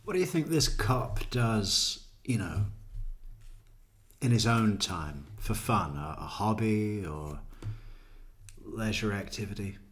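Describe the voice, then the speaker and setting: A man's voice: on the low side, expressive, slow pace, a little hiss or hum. A man doing livestream commentary on true crime, sarcastic and mocking, with chuckling asides.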